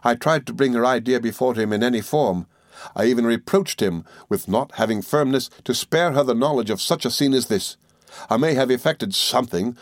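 A man narrating a classic novel in the first person with measured, earnest storytelling. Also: medium pitch, dry recording, studio quality. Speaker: audiobook narrator.

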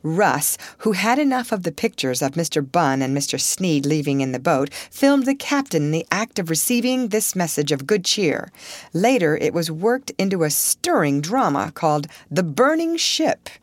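Low, even-toned woman narrator for a dry audiobook read. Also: moderate pace, dry recording.

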